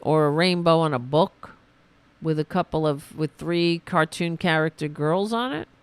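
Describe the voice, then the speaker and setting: A woman hosting a political commentary podcast, ranting sarcastically and mocking opponents in high put-on voices. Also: moderate pace, clear, resonant tone, no room sound.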